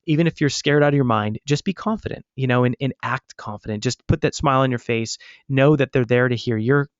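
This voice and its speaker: A man's voice: mid-range voice, brisk, no room sound. Upbeat man coaching over dull webinar audio. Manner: energetic, encouraging, smiling as he talks.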